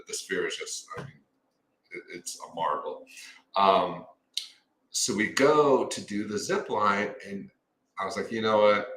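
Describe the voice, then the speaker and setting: A man in his thirties, a co-host of a casual chat show, telling stories in a lively way. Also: sits low. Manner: lively storyteller, speeds up and slows down. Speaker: podcast co-host. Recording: roomy echo.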